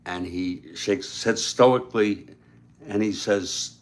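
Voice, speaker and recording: A man casually retelling a story aloud, unhurried, with frequent fillers and asides. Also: lowish voice.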